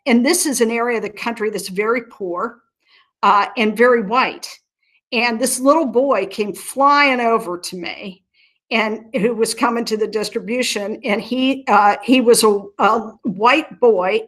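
A woman's voice: on the high side, a bit bright. A woman from Southern Ohio, a nonprofit leader being interviewed, speaking earnestly and telling stories with frequent restarts. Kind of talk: conversational interview.

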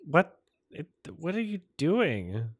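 A man's voice: a little high, sing-song, takes it slowly, husky, no room sound, studio quality. A man casually commenting on a movie as he watches it, rambling, swearing and incredulous. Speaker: host reacting to a film.

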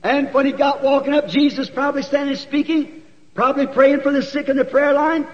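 A man preaching a sermon in a church. He tells the story in a folksy, animated way and rises to shouts. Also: very high-pitched, a little fast. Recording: dull 1960s church tape with long reverb.

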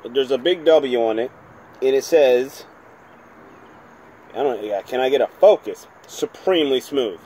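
A chatty man from New Jersey reviews a bottle on his own channel, rambling and poking fun at himself as he goes. His voice sits at an ordinary middle pitch. A faint hum of noise runs under the recording. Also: lively intonation, unhurried, pauses often, dark tone. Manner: chatty, rambling, self-deprecating. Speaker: whisky reviewer, channel host. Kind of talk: casual home video review.

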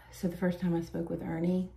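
Her voice is gravelly and on the low side, with slight background noise. A woman in her forties from the Southern United States, this beauty vlogger chats animatedly, laughing easily as she does her makeup and tells stories.

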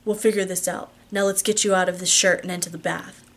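A woman reading the lines of an intense, controlling young wealthy husband in a low, soft murmur, as part of an audiobook reading. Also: fairly even intonation, quick pace. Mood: earnest.

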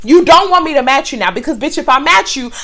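A young woman, a former makeup store worker, telling a casual storytime in a profane, animated, sassy manner while styling her hair. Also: high-pitched, fast.

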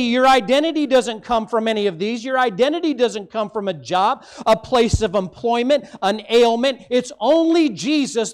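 High-voiced Midwestern pastor preaching. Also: male voice, smooth. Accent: Midwestern American. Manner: emphatic preaching, rising for stress and dropping low at phrase ends. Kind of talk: sermon.

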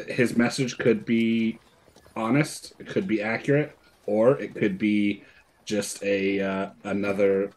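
A man playing a tabletop game, talking casually in a halting, hesitant way. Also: lowish voice, a little mellow. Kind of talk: casual tabletop role-play chat.

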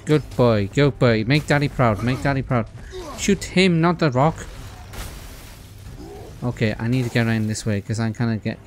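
A man with a Welsh accent, commentating on his gameplay in an excitable, panicky way and talking to the characters on screen. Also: mid-range voice. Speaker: let's player. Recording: loud game music underneath. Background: game music.

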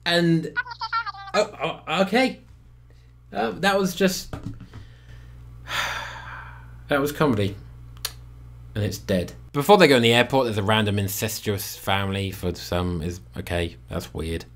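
A young man reviewing a film in a sarcastic comedic commentary, swinging between loud outbursts and muttered asides. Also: mid-range voice, sing-song, measured pace, long pauses, faint music behind.

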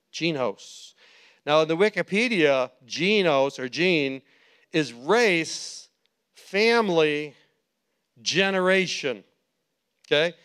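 A man's voice: a little high, smooth. A man preaching a sermon as pastor, moving from easy conversational teaching to fervent, rising exhortation. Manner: conversational preaching that builds to impassioned shouting. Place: church sanctuary.

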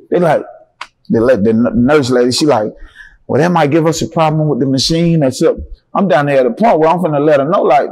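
His voice on the high side and his pace a little fast, a young man from Atlanta, Georgia, shares his story as a guest in a laid-back interview. He has a Southern accent, swears a lot, and animatedly voices what others said.

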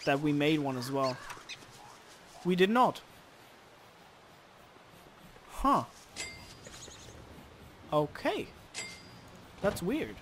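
A man commenting on his game as he plays, chatting casually, cursing at creatures and bursting into loud shouts. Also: fairly high pitch, takes it slowly, pauses often, slight background noise. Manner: animated, swears at game creatures, sudden loud outbursts. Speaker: let's play host.

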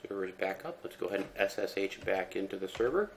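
In this screen-recorded tech tutorial, the presenter is a man whose voice sits very low. He talks fast yet in a relaxed, easygoing way, walking through each step with lots of ums and uhs while faint noise and typing play behind him.

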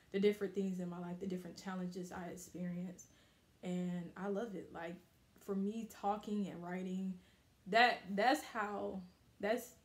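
A woman's voice: fairly low pitch, echoey room. A young adult woman vlogging in a casual, candid way, repeating phrases for emphasis. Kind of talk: casual motivational vlog talk. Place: her bathroom.

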